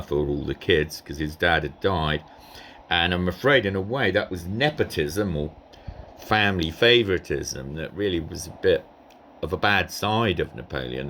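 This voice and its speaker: Over slight background noise, a man with a bass voice and fairly bright tone casually comments on a recording of a strategy game. His gameplay commentary rambles and hesitates, full of ums and asides.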